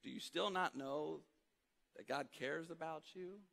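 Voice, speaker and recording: Male pastor, high and bright, animated storyteller, sermon in a reverberant church hall. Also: unhurried, gravelly. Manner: animated storytelling, acts out voices. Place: church auditorium.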